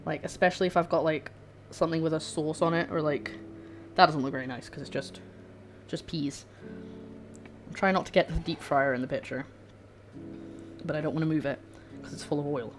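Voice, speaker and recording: A woman's voice: deep voice, darkish tone, a little hiss or hum. A woman hosting a cooking livestream from her home kitchen, chatting in a rambling, self-deprecating way. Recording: music playing underneath.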